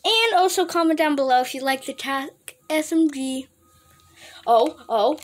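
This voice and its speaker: A woman commentating her own gameplay, excitable and playful, laughing often and trash-talking her friends. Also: high-pitched, a little slow. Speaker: gaming video host.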